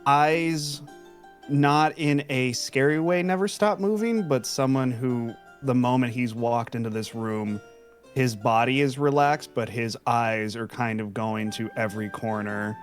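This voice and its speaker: A man at a tabletop game describes his character in a slow, deliberate voice of middling pitch. Quiet music plays in the background. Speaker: player.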